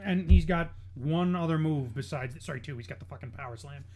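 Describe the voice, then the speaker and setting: A man's voice: a little high, a little fast, darkish tone. A man on a wrestling podcast, ranting in casual, profane chat.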